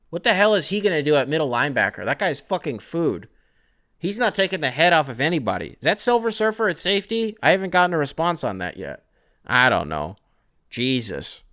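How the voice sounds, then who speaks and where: A young man talks through his own podcast alone, wandering from topic to topic in a casual, profane ramble. His voice is bright and forward, sitting at an ordinary male pitch, and he drifts into self-deprecating asides. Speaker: podcast host. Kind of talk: solo casual podcast rant.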